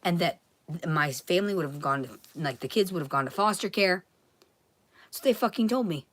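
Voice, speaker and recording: A frantic woman rants in a low voice, cursing freely. She lurches from loud outbursts to hushed whispers. The sound is dry and close. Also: animated, normal speed, no echo. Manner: profane, swings between loud ranting and hushed whispers. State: agitated, frantic. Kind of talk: rambling monologue to camera.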